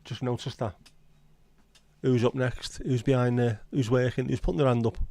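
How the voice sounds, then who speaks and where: A man's voice: medium pitch, steady tone, moderate pace, dark tone, dry recording. A middle-aged man chatting casually on his livestream, joking and answering viewers' messages. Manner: easygoing, jokey, responds to chat messages. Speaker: livestream host.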